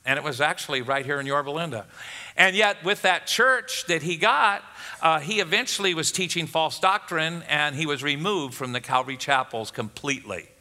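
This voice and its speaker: Pastor, male, high and very bright, emphatic sermon delivery, long church reverb. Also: normal speed. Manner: emphatic preaching, rising for questions.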